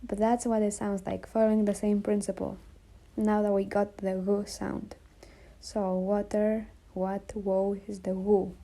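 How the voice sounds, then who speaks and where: A woman teaching a language lesson, patiently repeating sounds slowly and checking that viewers follow. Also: medium pitch, steady tone, creaky, warm tone, poor audio. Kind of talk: slow explanatory lesson.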